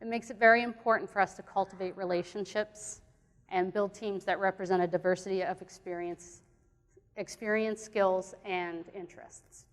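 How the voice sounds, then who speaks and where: A woman presents at a conference in an earnest, plainspoken way, with occasional fillers and restarts. Her voice sits at a medium pitch. The sound carries a long reverb from the hall. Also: steady tone, normal speed. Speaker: conference speaker. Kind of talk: conference talk.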